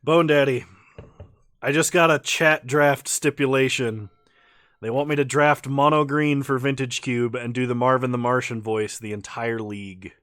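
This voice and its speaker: A man's voice: medium pitch, moderate pace, no room sound, studio quality. A man streaming a card game with casual commentary, laughing often and a little tipsy after a few beers. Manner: laughs often, relaxed and chatty.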